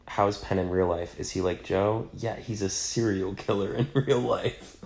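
A man's voice: on the low side, moderate pace, creaky, darkish tone. A man with an American accent, reading fan comments aloud on a phone livestream and answering them in a wry, teasing way. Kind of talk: casual livestream Q&A.

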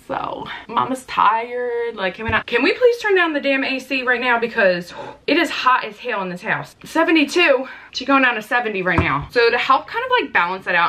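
Woman, late 30s, beauty vlogger; bright, sassy and chatty, full of exclamations. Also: mid-range voice. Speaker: makeup artist and beauty vlogger. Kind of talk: casual makeup tutorial chat. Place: home makeup desk.

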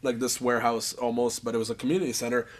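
A man telling animated stories in a casual interview, acting out other people and laughing as he goes. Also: mid-range voice, very fast. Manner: animated, acts out voices and laughs through stories.

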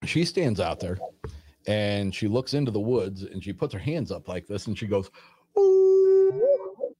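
Deep-voiced man telling a story casually. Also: normal speed, husky. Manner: rambling, animated retelling with quoted dialogue. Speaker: storyteller guest.

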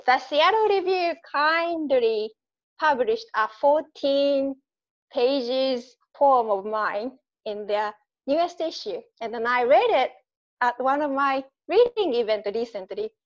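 A woman poet with a Japanese accent reading her poems aloud, measured and a little self-deprecating. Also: sits high, animated, muffled recording. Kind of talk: poetry reading.

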